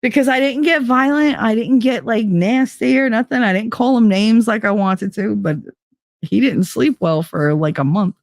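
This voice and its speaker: A woman's voice: on the high side, moderate pace, dry recording, clean studio sound. A woman host telling a story in a casual monologue, blunt and profane, with lots of "like". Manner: blunt and profane, heavy use of "like". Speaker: podcast host.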